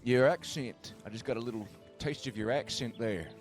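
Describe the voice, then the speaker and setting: A man's voice: mid-range voice, moderate pace, soft background music, natural voice. A man playing a nervous, rambling frontier man. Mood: curious. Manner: rambling, nervous, swears, self-deprecating. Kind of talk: western roleplay.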